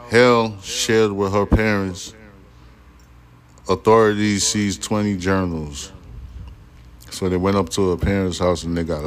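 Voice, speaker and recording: A man's voice: sits low, a little hiss or hum. A man hosting a podcast, reading news aloud and breaking into irritated, profane rants. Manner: profane, irritated ranting between read passages. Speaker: podcast host.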